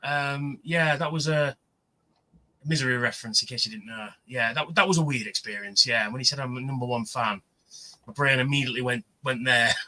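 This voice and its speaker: A man's voice: medium pitch, fairly quick, sharp tone, poor audio. A man telling rambling stories in a casual livestream chat, full of fillers. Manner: rambling, chatty storyteller with many fillers. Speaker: livestream co-host. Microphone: livestream mic.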